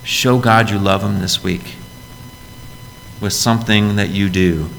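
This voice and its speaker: Earnest and direct, a male pastor preaches a church sermon in a lowish, creaky, somewhat bright voice, frequently asking the listeners questions. His delivery is unhurried with fairly even intonation, echoing in long reverb above a faint low rumble.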